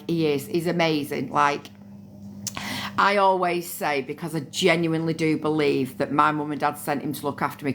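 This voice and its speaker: A woman's voice: sits low, slight background noise. A middle-aged woman, chatting casually on a phone livestream and thanking viewers by name. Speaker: livestream host.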